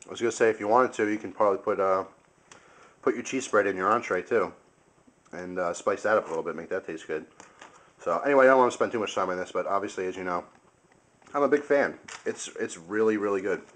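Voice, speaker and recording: A man's voice: on the low side, fast talker, fairly bright tone. A young man casually reviewing food on camera, chatty and enthusiastic, sometimes talking with his mouth full. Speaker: video host.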